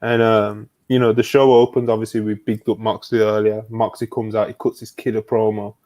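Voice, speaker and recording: A man co-hosting a podcast in casual chat, excitable, swearing freely and retelling events at length. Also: lowish voice, a little fast. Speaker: podcast co-host.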